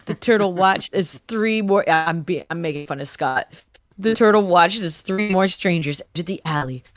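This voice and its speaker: A woman's voice: fairly low pitch, dry recording. A woman hosting a comedy podcast, reading fan fiction aloud with playful asides. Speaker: podcast host.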